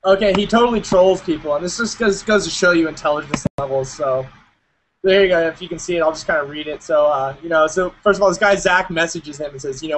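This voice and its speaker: A young man with a high voice co-hosts a podcast in loose casual chat. He jokes around and sometimes reads posts aloud in mock voices. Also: quick pace, fairly bright tone, low-quality recording. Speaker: podcast co-host.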